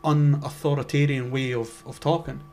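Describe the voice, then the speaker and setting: A young man co-hosts a casual podcast chat, rambling with lots of restarts and swearing. His mid-range voice barely moves in pitch, runs at normal speed, and sounds a little mellow over slight background noise.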